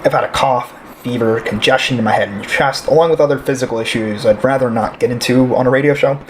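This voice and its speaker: A man's voice: medium pitch, fast, slight background noise, close to an everyday voice. A man playing a quarantined patient who grows uneasy and furious, in an amateur audio drama. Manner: uneasy, then bursts into shouting rage.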